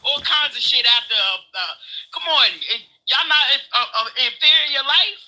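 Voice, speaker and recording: A man's voice: very high-pitched, expressive, moderate pace, pushed and bright, poor audio. A man co-hosting a casual political chat, profane and heated, laughing as he rants. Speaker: co-host.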